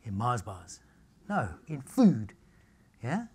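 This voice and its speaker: A man's voice: mid-range voice, takes it slowly, breathy edge. A middle-aged man, giving a cheeky, joking lecture on nutrition to a live audience. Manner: cheeky, jokey, animated storytelling.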